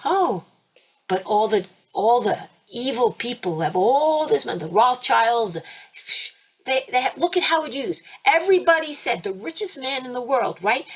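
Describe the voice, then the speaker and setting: A woman spiritual teacher hosting a webinar, talking emphatically and fervently, with sudden leaps in pitch and loudness. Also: lively intonation, normal speed, husky. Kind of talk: impassioned preaching webinar talk. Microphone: computer mic for a webinar.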